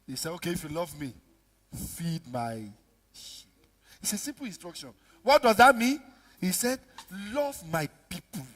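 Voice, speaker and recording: A pastor preaching a sermon, acting out dialogue with sudden shouts and low mutters. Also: male voice, a little slow. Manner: animated preaching, acts out dialogue, big swings from shouts to mutters. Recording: reverberant hall with music behind.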